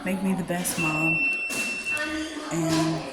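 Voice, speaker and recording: A woman giving a candid, heartfelt personal message to camera, often halting and trailing off softly. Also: low voice, flat delivery, over loud music. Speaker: vlogger sharing a personal message. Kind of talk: emotional personal testimony to camera.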